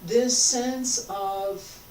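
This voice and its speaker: Woman leading qigong, real slow and coaxing, roomy sound, mic set back from her. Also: mid-range voice, steady tone, a little mellow, far from the mic, a little hiss or hum. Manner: slow, coaxing, drawn-out phrases with long pauses. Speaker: qigong instructor. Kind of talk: guided qigong class.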